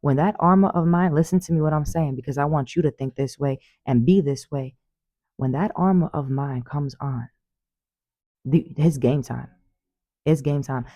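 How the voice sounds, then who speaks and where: A woman tells spiritual stories straight to her viewers in an animated, emphatic way, repeating key phrases and calling them "baby". Her voice is warm and mellow. The phone recording is dry and slightly dull. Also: deep voice, moderate pace, no room sound. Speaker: spiritual vlogger. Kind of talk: casual storytelling monologue.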